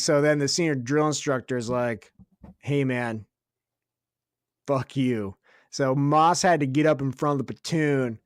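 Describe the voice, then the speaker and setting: A young man co-hosting a podcast tells a story in casual chat, swearing freely, laughing as he goes and doing quick voices of other people. His voice is a little high, and the studio-quality recording has no room sound.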